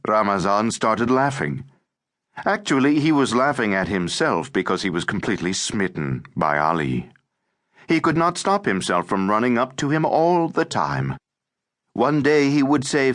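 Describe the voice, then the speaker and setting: A male audiobook narrator with a very low voice that rises and falls a lot. He reads in a measured, expressive way, leaning into the images of the story. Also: no echo, clean studio sound. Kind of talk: scripted narration.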